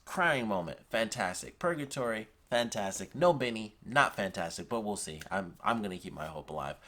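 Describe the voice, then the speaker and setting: A man's voice: lowish voice, a bit bright. A man reviewing a TV episode in a casual, enthusiastic and rambling way, retelling scenes with lots of "like".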